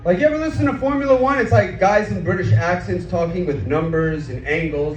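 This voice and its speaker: Doing an outdoor set, this male comic is crude and talkative, going back and forth with the crowd through questions. He speaks fairly quickly in a voice that sits high, captured in echoey, distant, dull audio with faint noise behind it.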